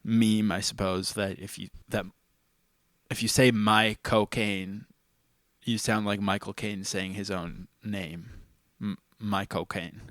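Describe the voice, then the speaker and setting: A man's voice: on the low side, flat delivery, measured pace, dry recording, studio quality. A man hosting a podcast in casual chat, playful and laughing often. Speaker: podcast host.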